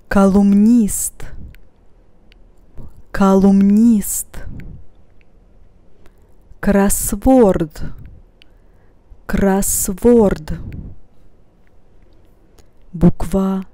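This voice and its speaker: A woman with Russian as her first language, teaching a pronunciation lesson and saying each word twice, slowly and deliberately. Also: medium pitch, warm tone, dry recording. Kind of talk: slow, careful pronunciation lesson.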